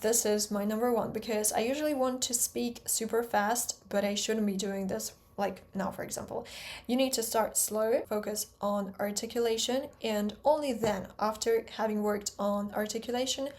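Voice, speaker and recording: A woman with a Russian accent who speaks Russian natively, explaining her own accent-training method in quick, precise steps and stressing example sounds. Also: fairly high pitch, steady tone, a little mellow. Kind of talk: explanatory talk to camera.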